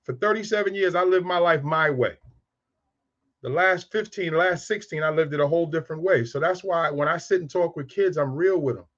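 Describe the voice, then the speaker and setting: A man's voice: on the high side, fairly quick, a bit bright, highs cut off. A man in his fifties telling frank, streetwise stories about raising boys. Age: 50s. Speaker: speaker on raising sons. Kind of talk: candid storytelling talk.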